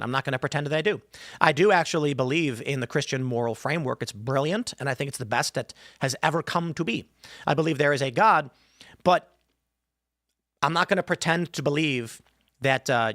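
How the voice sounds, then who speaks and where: A man's voice: medium pitch, brisk, fairly bright tone, no echo, clean studio sound. A man hosting a live show, chatting casually and rambling, reading viewer comments aloud and slipping into mock voices for asides. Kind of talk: casual livestream chat.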